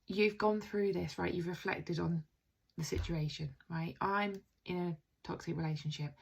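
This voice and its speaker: Woman w a lowish voice teaching a healing method, gentle n earnest, keeps saying "right?". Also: steady tone, normal speed, creaky, husky. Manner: acts out soothing phrases in a soft caring tone. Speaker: intuitive coach.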